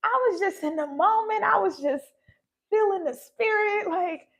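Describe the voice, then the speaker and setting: A woman's voice: very high voice, unhurried, vocal fry, fairly bright tone. A woman in her thirties talking candidly and emotionally about her faith. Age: 30s. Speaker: spiritual vlogger. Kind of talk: casual faith talk.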